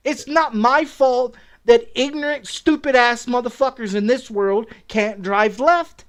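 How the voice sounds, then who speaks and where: A middle-aged man with a notably high-pitched voice, ranting aggressively during a game stream. He swears constantly and hammers the same phrases over and over. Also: fairly even intonation, measured pace, few pauses. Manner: profane, aggressive, repetitive ranting. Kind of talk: angry streaming rant.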